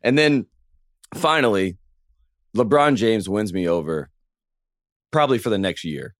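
Young male podcast co-host, low voice, dry close mic, excitable rambling storyteller. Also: unhurried, no echo. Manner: animated, rambling storyteller with many restarts. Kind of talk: casual sports chat.

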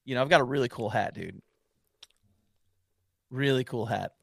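A man co-hosting a casual podcast, easygoing and teasing, quick to agree with his friend. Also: medium pitch, vocal fry. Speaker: podcast co-host. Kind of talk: casual chat.

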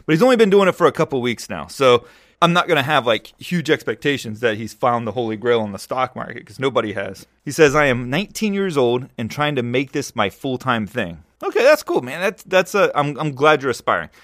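A man's voice: mid-range voice, very animated, fairly quick, a bit bright. A man in his forties, a podcast host talking casually and rambling, often repeating words as he thinks. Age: 40s. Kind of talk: casual chat.

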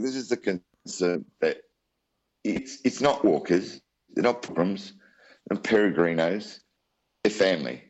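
A man's voice: low voice, expressive, a little slow, pauses often, darkish tone, highs cut off. A man with an Australian accent, telling his story as an interview guest in a chatty, rambling way. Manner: chatty, rambling with many asides.

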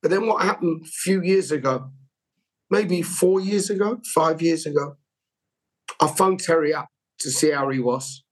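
A man with a fairly high, husky voice tells long anecdotes as an interview guest. He rambles from one detail to the next with open, heartfelt candour. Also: measured pace, poor audio. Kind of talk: conversational storytelling.

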